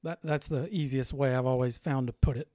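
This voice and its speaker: A man's voice: medium pitch, steady tone, brisk, mellow, no echo, studio quality. A man from Alabama with a Southern accent, a podcast guest speaking in a laid-back, dryly humorous way. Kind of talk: casual chat.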